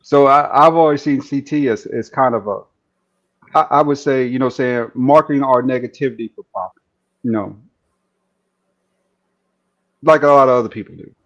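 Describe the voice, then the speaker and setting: A man, calmly analyzing other streamers in casual chat, often asking "you know what I'm saying". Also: mid-range voice, normal speed, pauses often. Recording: dull lo-fi stream audio.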